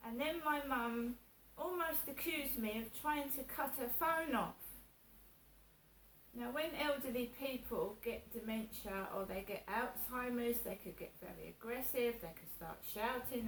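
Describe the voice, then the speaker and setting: A woman with a fairly high voice chats through a personal vlog, repeating herself and acting out what others said. She sits a little back from the mic in an echoey room, with faint ambience behind her. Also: a little slow, slight background noise. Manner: chatty, repeats herself, acts out others' words. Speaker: vlogger.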